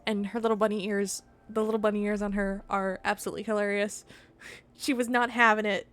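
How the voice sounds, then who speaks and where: Her mid-range voice is brisk and fairly bright but shows little pitch movement. This young woman chats casually during her game stream, rambling with frequent restarts and fillers and laughing often between remarks.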